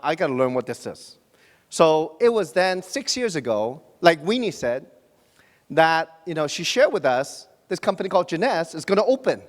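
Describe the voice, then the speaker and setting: A man in his forties, originally from Hong Kong, delivers a motivational business talk on stage. His voice sits high, and he keeps tossing jokes and show-of-hands questions to the crowd. The sound rings with the long reverb of a big hall. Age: 40s. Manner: joking, asks the audience questions, frequent restarts and fillers. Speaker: motivational speaker at a business event. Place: large hall before an audience.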